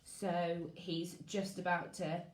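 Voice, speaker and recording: A woman's voice: on the low side, slow pace. A woman teaching her class over a live stream from home, greeting pupils by name and chatting before reading aloud. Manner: lively, greets pupils, reads out comments. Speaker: primary school teacher. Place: at home, living room. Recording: echoey room.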